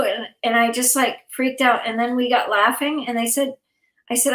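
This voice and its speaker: A woman's voice: a little high, steady tone, moderate pace, fairly bright tone, reverberant, rough recording. A woman hosting a live online event, talking in a rambling, emotional way and laughing often, worn out and overtired. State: exhausted, overtired. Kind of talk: casual heartfelt chat.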